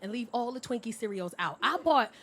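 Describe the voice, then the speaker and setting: A woman performing stand-up comedy, telling brash stories with loud bursts on a comedy club stage. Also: on the high side, animated, a little fast.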